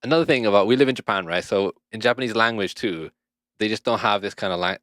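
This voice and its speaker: A man hosting a podcast in casual chat, animated, swearing freely and laughing often. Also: on the low side, fast talker, no echo, clean studio sound. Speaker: podcast host. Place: lives in Japan.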